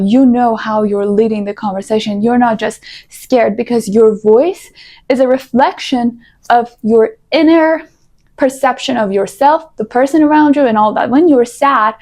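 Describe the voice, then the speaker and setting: A young woman vlogger giving casual, animated advice straight to her viewers. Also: fairly high pitch, measured pace. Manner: animated, coaching, playful asides. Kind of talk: casual advice talk to camera.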